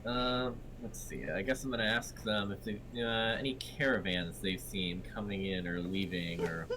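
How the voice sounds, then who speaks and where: Brief: low-voiced male player, hesitant, noisy mic. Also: normal speed. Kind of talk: casual game chat.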